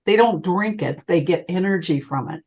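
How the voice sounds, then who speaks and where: A woman's voice: on the low side, moderate pace, husky. An older woman, a psychic medium, telling a personal story in an interview and calling the listener honey. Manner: animated, calls the listener honey. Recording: dull lo-fi sound.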